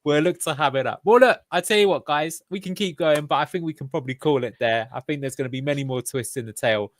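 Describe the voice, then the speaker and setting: Male host, middle pitch, playful and leading, dry close recording. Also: fast talker, no echo. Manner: jokey, leads the discussion. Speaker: podcast host. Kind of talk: casual football fan chat.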